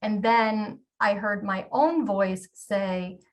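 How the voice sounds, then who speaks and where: A woman's voice: medium pitch, slow pace, distant mic. A woman in her forties giving a candid, self-deprecating storytelling talk as a keynote speaker, with the odd filler um.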